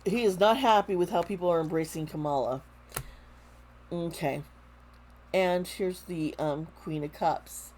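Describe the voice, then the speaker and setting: A woman giving a casual tarot reading to camera, talking slowly, with frequent restarts and fillers. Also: lowish voice, a little mellow, a little hiss or hum. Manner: slow, halting, with many restarts and fillers. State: close to tears. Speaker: tarot reader.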